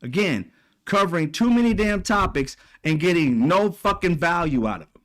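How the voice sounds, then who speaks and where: Profane, heated high-voiced man. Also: sing-song, moderate pace, a bit bright. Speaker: commentary channel host. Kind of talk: ranting opinion monologue.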